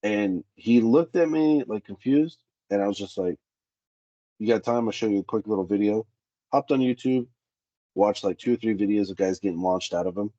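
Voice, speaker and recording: A man's voice: lowish voice, normal speed, no room sound, highs cut off. A man in a candid interview, a safety specialist who tells workplace stories and acts out the dialogue. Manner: animated, acts out quoted dialogue.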